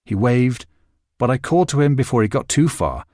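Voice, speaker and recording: A man reading a novel aloud as its narrator in a measured, expressive storytelling manner. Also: medium pitch, no echo, clean studio sound. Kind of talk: scripted narration.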